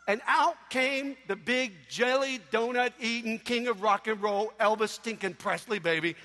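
A man preaching a sermon, telling stories in an animated way with sudden loud outbursts. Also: very high-pitched, normal speed, hardly any pauses. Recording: echoey hall.

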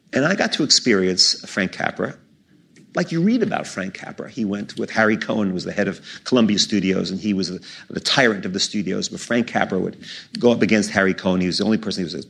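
A man in his sixties tells animated stories onstage. His voice is low and gravelly with a husky edge. He talks in quick bursts full of restarts. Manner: animated storytelling with laughs and restarts. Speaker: magician in onstage conversation. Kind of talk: storytelling conversation. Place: stage before a live audience.

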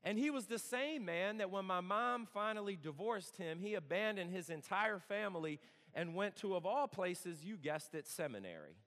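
A man's voice: high-pitched, expressive, normal speed, a bit bright. A man in his thirties giving a storytelling sermon, conversational and earnest with touches of humor. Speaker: campus worship speaker. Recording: long hall reverb.

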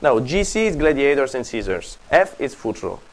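A man's voice: medium pitch, big pitch swings, normal speed, poor audio. A man with an Italian accent giving a university classics lecture, rambling with many restarts, self-corrections and small laughs.

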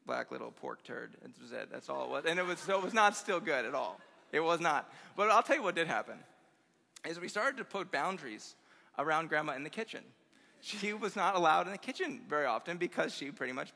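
Bright, gravelly young man preaching in a hall. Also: a little high. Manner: animated, humorous, speeds up as the jokes build. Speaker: conference speaker, pastor. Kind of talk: storytelling sermon to a youth conference. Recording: long reverb of a large hall.

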